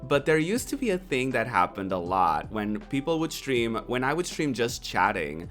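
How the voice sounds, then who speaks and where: A streamer in their twenties chatting casually to a live chat, playful and quick to laugh. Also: mid-range voice, very animated, fairly bright tone, faint music behind. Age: 20s.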